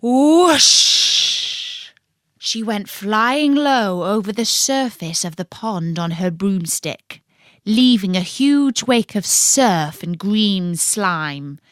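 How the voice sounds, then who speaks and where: Lady reading a kids story, slow and super sing-songy, playful. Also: medium pitch, dry recording, clean studio sound. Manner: warm, playful, expressive reading. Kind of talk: children's story narration.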